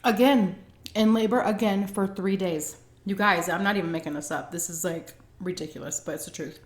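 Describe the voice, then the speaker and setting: Woman vlogger, animated casual storyteller, recorded in a roomy space. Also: mid-range voice, normal speed. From Texas. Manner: chatty and dramatic, acts out quoted people. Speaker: food vlogger telling a birth story. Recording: roomy echo.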